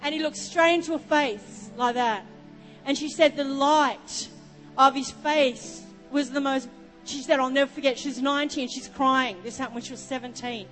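Australian woman preacher, high voice, chatty storytelling sermon, long hall echo. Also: fairly even intonation, normal speed, a bit bright. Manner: storytelling, rambling asides. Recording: long reverb with music behind.

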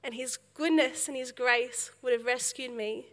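A young woman giving a sermon, telling a story in a lively way with laughs and acted quotes. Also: a little high, measured pace, long reverb tail. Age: young adult. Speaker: speaker at a church service.

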